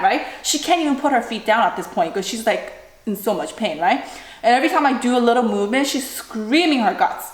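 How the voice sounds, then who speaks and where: A fairly high-voiced woman in her thirties tells a family story for a vlog, acting the scenes out as she goes. She keeps asking "right?" to pull the listener along. Her voice rings in a roomy, echoing space. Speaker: mother telling a family story. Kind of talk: storytime vlog, casual retelling. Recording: roomy echoing room sound.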